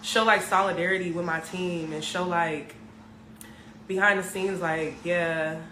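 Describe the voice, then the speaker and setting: A woman's voice: on the low side, steady tone, sharp tone. A young woman from Richmond, California, talking casually about her life and music, with lots of filler words and restarts. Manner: halting, heavy on filler words. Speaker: musician sharing her story. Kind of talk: casual confessional talk. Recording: roomy echo with background noise.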